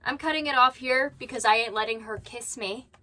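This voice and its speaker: Bright, blunt woman reaction host. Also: fairly high pitch, fairly quick. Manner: blunt, critical, sarcastic asides. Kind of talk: casual reaction commentary. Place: at home.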